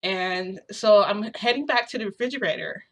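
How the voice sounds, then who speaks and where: A woman's voice: mid-range voice, lively intonation, moderate pace. A young adult woman telling a story in a casual, rambling, filler-heavy way.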